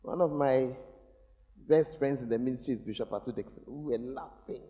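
Animated preaching man in a big hall. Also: medium pitch, moderate pace. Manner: animated, teasing the congregation, shouting bursts. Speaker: pastor. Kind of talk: sermon. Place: large church. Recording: long reverb of a large church hall.

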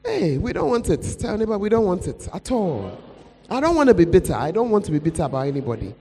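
Pleading pastor preaching in an echoey hall. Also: male voice, high voice, big pitch swings, fast, warm tone. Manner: pleading, call-and-response with congregation. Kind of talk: sermon. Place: church hall. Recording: echoey hall with mains hum.

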